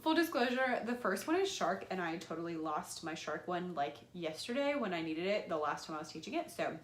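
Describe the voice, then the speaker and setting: A woman's voice: big pitch swings, a little fast, reverberant, slight background noise. A young woman, an elementary music teacher, casually explaining a classroom lesson and acting out how she talks to her students. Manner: enthusiastic, acts out her classroom voice with big pitch jumps.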